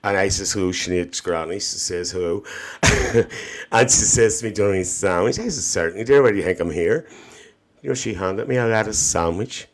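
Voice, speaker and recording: A man's voice: deep voice, brisk, voice pushed down. A man performing a brash, gossiping older Northern Irish auntie with a Northern Irish accent, telling rambling stories on a comedy livestream. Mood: gossipy. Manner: rambling anecdotes with frequent "dear" and "uh-huh". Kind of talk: character comedy monologue on a livestream.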